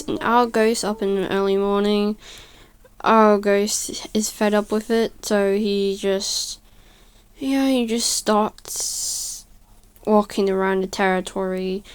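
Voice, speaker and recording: Slow, halting woman with a smooth voice. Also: medium pitch. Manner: halting, stuttering, often correcting herself. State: tired. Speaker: video creator narrating a speedpaint. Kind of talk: casual voice-over storytelling.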